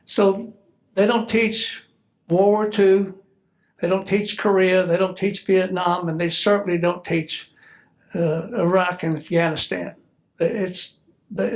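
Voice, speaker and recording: A man's voice: high voice, fairly even intonation, measured pace. An older man with a Southern US accent, a retired military officer giving an easygoing, joking speech at an event while a little stuffy and congested. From Georgia, US.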